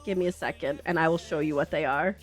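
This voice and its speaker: A woman's voice: low voice, fairly even intonation, fast, faint music behind. A chatty woman with a light Canadian accent, laughing often as she talks casually to her live-stream chat while gaming. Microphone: desk microphone.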